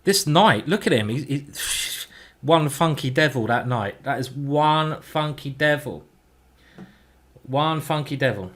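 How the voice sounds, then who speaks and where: A man's voice: on the high side, lively intonation, moderate pace, fairly bright tone. A man streaming a chess game, chatting and thinking aloud as he plays, with mild swearing. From England. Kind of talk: live game commentary.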